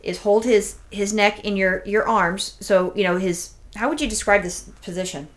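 A woman's voice: medium pitch, normal speed. A woman co-hosting a podcast, telling a long, rambling story in casual chat, swearing freely and acting out what people said. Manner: rambling, profane, animated storytelling with acted-out quotes. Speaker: podcast co-host.

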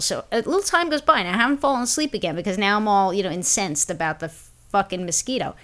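A woman from Brooklyn, co-hosting a podcast and telling a story in an exasperated, animated way. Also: mid-range voice, fast talker. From Brooklyn, New York. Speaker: podcast co-host. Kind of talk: casual comedic chat.

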